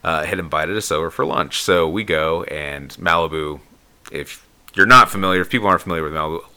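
A man's voice: a little fast, clean tone. A man casually telling a long personal story on a podcast, acting out the people he quotes. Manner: animated storyteller, acts out quotes in a high voice.

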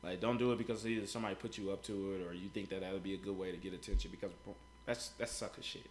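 A man's voice: low-pitched, little pitch movement, very fast, a little mellow, echoey room, slight background noise. A man co-hosting a podcast, talking in a blunt, profane, casual way. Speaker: podcast co-host. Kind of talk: casual chat.

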